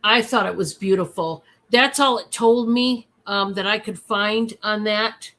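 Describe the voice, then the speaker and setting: A woman hosting a casual live-stream sale, chatty and excitable, with many fillers. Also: mid-range voice, unhurried.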